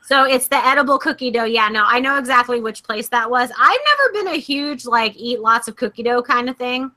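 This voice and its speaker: A woman's voice: a little high, fairly quick. A young woman co-hosting a podcast, telling stories in casual chat with lots of laughs. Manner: animated, laughing storyteller. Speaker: podcast co-host.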